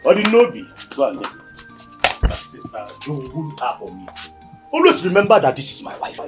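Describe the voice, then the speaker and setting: A Nigerian man acting as a husband and brother, pleading with his family to calm down. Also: a little high, normal speed, loud music behind the voice. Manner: pleading, soothing, then exasperated. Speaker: husband and brother trying to make peace. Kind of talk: Nollywood film acting.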